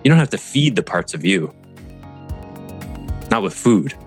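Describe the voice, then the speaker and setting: A man's voice: low voice, unhurried, soft background music. A man leading a group call as a coach, talking reflectively and acting out inner voices with shifts of tone. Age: adult parent. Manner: expressive, mimics inner voices with changes of tone.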